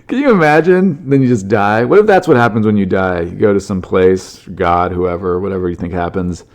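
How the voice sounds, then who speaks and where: A man's voice: low voice, fairly quick, few pauses, darkish tone. A man hosting a solo comedy podcast, rambling and joking through news stories and swearing freely. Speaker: podcast host.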